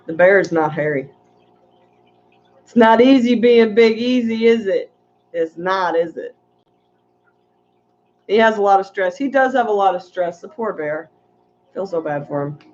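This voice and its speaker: A woman's voice: mid-range voice, expressive, measured pace, pauses often, a little mellow, muffled recording. Chatty woman rambling on a livestream. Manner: chatty, rambling, reading chat aloud. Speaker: aquarium channel host. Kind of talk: casual livestream chat.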